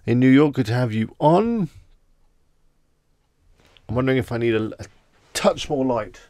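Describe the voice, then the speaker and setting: A man's voice: medium pitch, gravelly, a little mellow, dry recording. An Englishman hosting a casual live stream, chatting with viewers and greeting them by name. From England.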